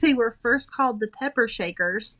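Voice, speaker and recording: A woman's voice: a little high, moderate pace, pushed and bright, poor audio. A woman who writes romance novels, a podcast guest chatting in an enthusiastic, thoughtful and modest way. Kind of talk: casual interview chat.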